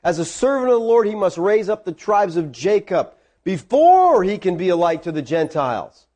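A man preaching a sermon in a high, very lively voice. He acts out the people of the story as he tells it. His pitch swings widely all through. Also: moderate pace.

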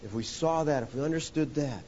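A man preaching a sermon, rising to loud emphatic points and dropping to hushed lows, often calling listeners "folks.". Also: brisk. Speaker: pastor. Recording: dull lo-fi sound with faint hiss.

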